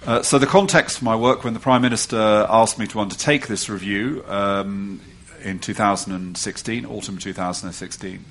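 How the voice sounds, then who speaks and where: A man, speaking as a panel guest about his report, halting and full of filler sounds. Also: fairly low pitch, a bit bright. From England. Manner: halting, with many filler sounds and self-deprecating remarks. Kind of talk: panel talk.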